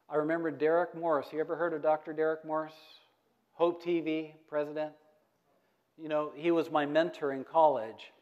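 High-voiced preaching man. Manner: call-and-response preaching, asks the congregation questions. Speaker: pastor. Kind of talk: sermon. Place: church sanctuary.

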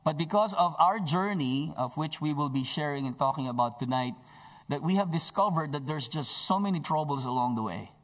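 A man's voice: on the high side, lively intonation, fairly quick, fairly bright tone. A male pastor preaching a sermon, emphatic, stretching out key phrases, with joking asides.

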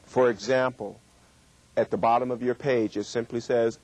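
A middle-aged man giving a workshop lecture on communication, with emphatic, drawn-out stresses. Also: medium pitch, steady tone, a little mellow. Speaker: communication trainer.

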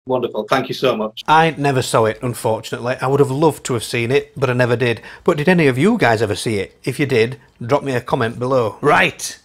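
A man's voice: mid-range voice, fast, few pauses. A man hosting a retro TV channel, interviewing a guest and presenting in an upbeat, friendly way. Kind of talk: interview and vlog talk.

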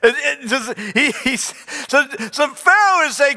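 A male pastor preaches to a live congregation, acting out the characters in his story. His high, bright voice is animated and measured, with hardly any pauses, and a large church hall's long reverb carries it.

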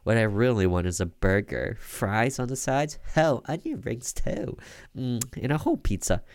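A man reading the lines of a sulky, sarcastic teenage girl in a horror game, grumbling in his own low voice. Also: expressive, moderate pace, vocal fry, no echo, studio quality.

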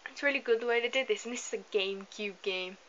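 Woman let's-player, rambly and apologetic, crisp bright tone, lo-fi home recording. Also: fairly high pitch, fast. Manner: chatty, rambling, apologetic asides. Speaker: gameplay commentator. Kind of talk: casual let's-play commentary. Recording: slightly dull lo-fi home mic with faint hiss.

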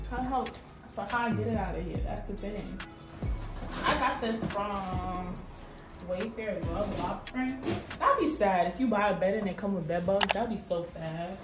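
Chatty young woman, echoey room. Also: medium pitch. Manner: chatty, joking, laughs often. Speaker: vlogger. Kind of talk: casual vlog chat. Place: bedroom being renovated. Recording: roomy echo, distant from camera, music behind.

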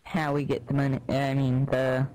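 A man in a roleplay game, halting and deadpan at a mid-range pitch. Loud crowd chatter from the game surrounds his voice. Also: rough recording. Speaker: game player.

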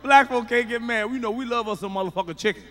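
A middle-aged man tells a stand-up routine in a high, sharp voice, loud, profane and emphatic. His voice rings through a reverberant hall, with faint noise underneath. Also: fast talker. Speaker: stand-up comedian.

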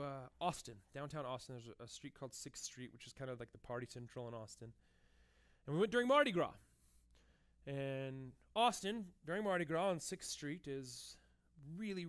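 A man's voice: medium pitch, a bit bright. A young adult man preaching a sermon as pastor, telling a personal story with frequent fillers and restarts.

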